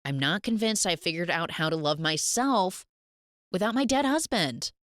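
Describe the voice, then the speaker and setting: A woman quoting a guarded, flustered widow in a bouncy, wide-ranging voice, pitched a little low. She sounds close and dry. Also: animated, moderate pace, a bit bright, no room sound.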